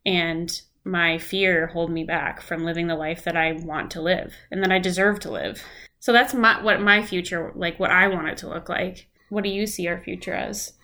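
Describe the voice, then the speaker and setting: A woman's voice: fairly low pitch, fairly even intonation, normal speed, pushed and bright. Young female co-host, candid and heartfelt, lots of "like" fillers. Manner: heartfelt, tearful at times, many fillers. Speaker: podcast co-host. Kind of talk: casual chat.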